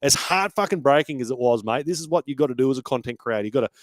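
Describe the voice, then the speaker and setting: A man's voice: mid-range voice, lively intonation, very fast, no room sound. A man hosting a casual fan podcast, talking with feeling, swearing freely and restarting his sentences often. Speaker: podcast host.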